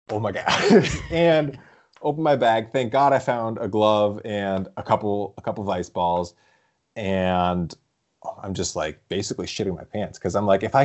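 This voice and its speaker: A young man chatting casually as a podcast co-host, telling stories in a rambling, animated way with frequent laughs. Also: on the low side. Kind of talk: casual chat.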